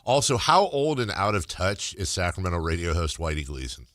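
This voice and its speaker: A man's voice: low voice, big pitch swings, brisk, fairly bright tone, no echo. A man hosting a sports talk radio show, teasing and sarcastic in casual banter at a studio mic.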